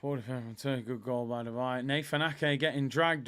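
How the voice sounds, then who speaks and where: A man hosting a live football watchalong, chatty and excitable as he reacts to the match and the chat. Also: medium pitch, brisk, clear, resonant tone. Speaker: watchalong host.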